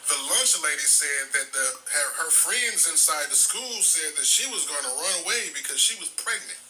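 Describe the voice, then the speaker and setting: A man hosting a live stream in a loose, streetwise way, rambling through restarts and swearing freely. His voice has a very bright, forward edge. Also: fairly high pitch, animated, moderate pace, soft background music, poor audio. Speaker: livestream host. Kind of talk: casual live-stream talk.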